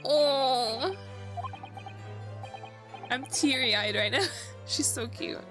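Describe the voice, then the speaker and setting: A woman streaming a game, reading its dialogue and reacting, excitable and giggly, sometimes swearing. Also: on the high side, slow, long pauses. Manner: excitable and giggly, swears, talks to her dog. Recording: clear background music.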